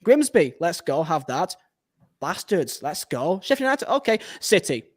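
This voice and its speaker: High-pitched bloke hosting a footy pod, hyped and shouty in bursts. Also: male voice, sing-song, moderate pace. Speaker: podcast host. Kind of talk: casual football chat.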